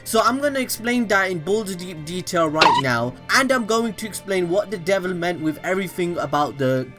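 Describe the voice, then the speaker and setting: A man hosting a casual manga review channel, talking in an energetic, enthusiastic and rambling way. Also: high-pitched, moderate pace, over loud music. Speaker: anime channel host.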